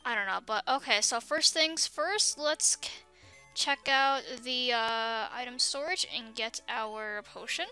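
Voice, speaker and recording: A young woman hosting a game let's play, gushing excitedly and reading the game's text aloud as she plays. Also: fairly high pitch, a little slow, smooth, faint music behind. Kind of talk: excited gameplay commentary with facecam.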